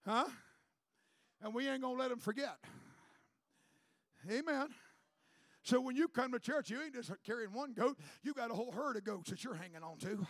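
A man preaching a sermon to his congregation, building to shouted climaxes and calling for a response. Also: extremely high pitch, no room sound, clean studio sound. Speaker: pastor.

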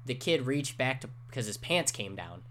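A man's voice: medium pitch, very animated, moderate pace, fairly bright tone. Male podcast co-host, 20s, rambling storyteller, casual and profane, lots of fillers. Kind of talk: casual chat.

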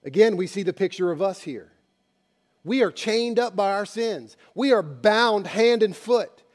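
A man preaching a sermon, telling a story dramatically and moving between hushed passages and loud ones. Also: high voice, animated, a little slow. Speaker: pastor.

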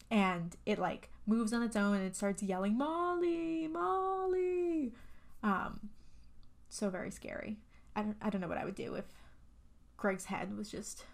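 A woman's voice: mid-range voice, steady tone, moderate pace. Rambling, cussing woman recapping a film. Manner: rambling, profane, lots of fillers. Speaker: podcast co-host. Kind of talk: casual horror movie recap.

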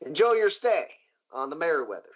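A man's voice: a little high, very animated, fairly quick, dull audio. A man voicing a genial, polite male boat owner with a courteous folksy drawl in a tabletop game.

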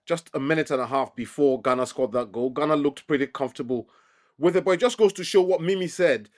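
Halting man hosting a football show. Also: on the high side. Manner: hesitant, repeats words when starting. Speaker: host. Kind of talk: podcast sports discussion.

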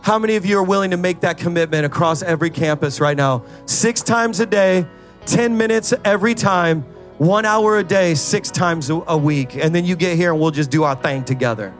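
Speaking fairly quickly in a high voice, a middle-aged male pastor climbs from preaching into impassioned, sing-song prayer and repeatedly urges on his congregation. Soft music plays behind him.

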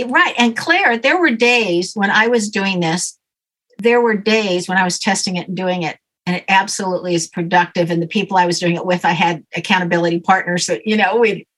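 A woman's voice: lowish voice, a little fast, a bit bright, low-quality recording. A woman guest in an interview, confidently explaining a method step by step. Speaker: guest coach. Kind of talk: casual interview.

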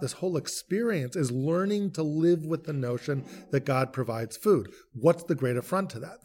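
A man who is a rabbi, leading a podcast text study with animated questions, reading verses and explaining them. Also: a little high. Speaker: rabbi and teacher.

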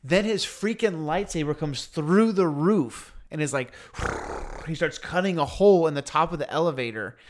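A man with a slightly higher voice for his sex, chatting casually on a podcast. He tells a story in an animated, laid-back way, full of slang. He acts out other people's lines as he goes. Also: normal speed, few pauses, background noise. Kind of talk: casual chat.

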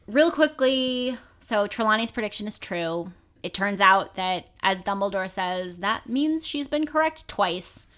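A woman co-hosting a casual book podcast, animated and sweary with mocking asides. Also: medium pitch. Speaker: podcast co-host. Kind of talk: casual book discussion chat.

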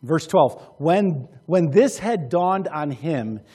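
A male pastor preaches with a husky, high-set voice. He presses his points with urgency, swinging between animated bursts and hushed, earnest stretches. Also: slow. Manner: urgent, animated preaching that drops to quiet intensity. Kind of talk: sermon.

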